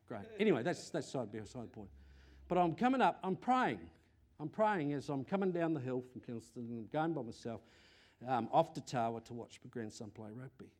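Older man, New Zealand accent, preacher, sermon, repeats himself, rising and falling delivery. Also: high voice. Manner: animated, repeats words, asks the congregation questions.

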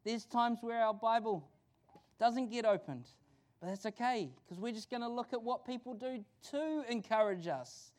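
A fired-up pastor with a New Zealand accent, preaching in church with a notably high-pitched voice. He talks in a loose, chatty way, doubling back and restarting phrases as his excitement runs ahead of him. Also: moderate pace. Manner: excited, energetic, conversational preaching with frequent restarts. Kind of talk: sermon.

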